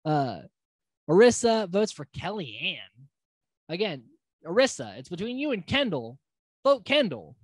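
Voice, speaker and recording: A man's voice: high-pitched, sing-song, a little slow, pauses often, dry recording. A man hosting a podcast, recapping a reality TV episode in a loose, rambling way with fillers and casual swearing. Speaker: podcast host.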